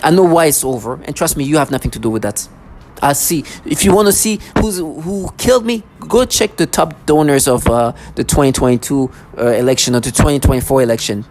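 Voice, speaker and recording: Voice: mid-range voice, fairly quick, a little mellow, a little hiss or hum. A vlogger ranting to camera in an agitated, accusatory way, full of sarcasm and stammered restarts.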